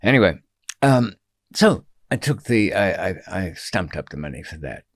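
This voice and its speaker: A man's voice: low voice, sing-song, moderate pace, dry recording. Older man, dry wry storyteller. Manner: dry, wry storyteller with frequent ums and restarts. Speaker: interview guest. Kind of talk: storytelling in a long-form interview. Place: studio.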